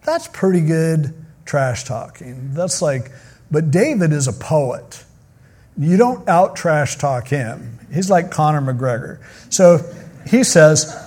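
Male pastor, sermon, slightly high voice, casual joking storyteller. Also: very animated, takes it slowly, a little mellow, slightly rough. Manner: casual, joking storyteller who acts out quotes. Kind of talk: sermon retelling a Bible story.

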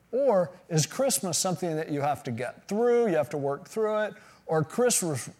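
A man's voice: mid-range voice, darkish tone. A middle-aged man preaching a sermon in a conversational way, with casual asides and quoted voices. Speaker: pastor.

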